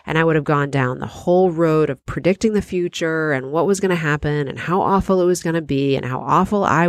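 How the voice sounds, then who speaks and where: A woman hosts her own podcast and tells a personal story in a loose, self-deprecating way, often breaking into laughter. Her voice has a gravelly, fry-touched edge. The recording is dry and close, with no room sound. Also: low-pitched, no echo. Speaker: podcast host.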